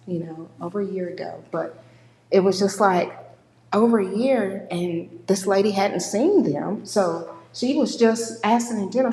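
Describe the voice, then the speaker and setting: A woman giving a conversational church talk on grief, acting out the people she quotes. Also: medium pitch. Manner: warm conversational, acts out quoted people with lively voices. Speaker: speaker at a church. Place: church sanctuary. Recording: echoey church hall with long reverb.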